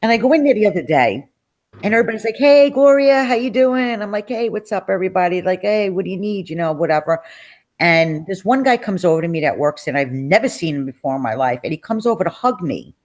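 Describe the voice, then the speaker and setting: A middle-aged woman, telling a personal story as an interview guest in a lively, chatty way, acting out the voices of people in it. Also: on the low side, quick pace. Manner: animated, acts out quoted voices.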